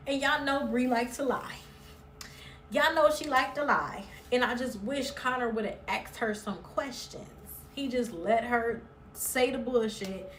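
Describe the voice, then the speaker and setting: Sassy woman recapping a reality show, kinda high voice, echoey room, a bit far from the mic. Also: moderate pace, a bit bright, a little hiss or hum. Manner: chatty, blunt and sassy, swears freely. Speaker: recap vlogger. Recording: roomy echo, somewhat far from mic.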